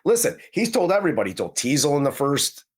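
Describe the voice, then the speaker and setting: A man with a higher voice and a breathy edge talks fast, his pitch swinging widely. He co-hosts a movie review podcast, rambling in casual chat while playing the film's hero in first person.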